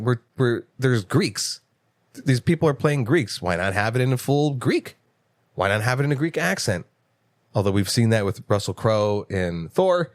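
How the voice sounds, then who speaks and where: A man co-hosts a casual movie podcast, ranting and swearing freely. His pitch leaps when he gets excited. The sound is dry and close, with no room echo. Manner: animated, profane ranting with quick jumps in pitch. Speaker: podcast co-host. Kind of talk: casual chat.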